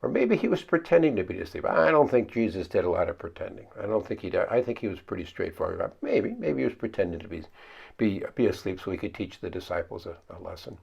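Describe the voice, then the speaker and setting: A man's voice: low-pitched, very animated, fast, vocal fry, a little mellow, breathy edge. A man pastor giving a conversational Bible study sermon, thinking aloud, often restarting phrases and asking the listeners questions. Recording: dull lo-fi recording.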